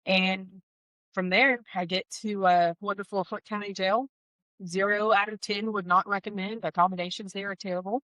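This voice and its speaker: A woman's voice: mid-range voice, steady tone, moderate pace, fairly bright tone, no echo, highs cut off. A woman telling her personal testimony as an interview guest, candid and heartfelt, with wry asides. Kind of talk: emotional personal storytelling.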